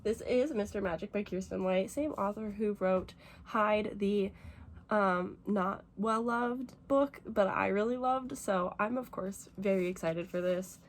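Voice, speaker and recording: A young American woman vlogs about books in a casual, rambling chat, teary and gushing with emotion. Her voice sits at an ordinary middle pitch, and a faint hiss runs underneath the recording. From United States. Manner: fast, rambling with many fillers. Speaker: book vlogger.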